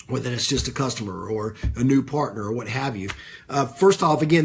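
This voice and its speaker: Male business coach, mid-pitched husky voice, loose conversational live-stream delivery full of fillers and restarts. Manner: conversational, repeats phrases, many fillers; greets viewers by name mid-talk.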